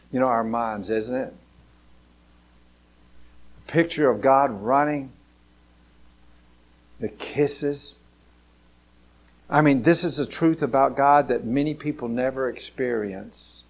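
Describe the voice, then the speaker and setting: A man, a pastor, delivering an earnest sermon straight to his listeners, shifting from hushed, slow lines to loud, excited ones. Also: mid-range voice. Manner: dramatic preaching, swinging from hushed to loud; earnest and direct, addressing listeners.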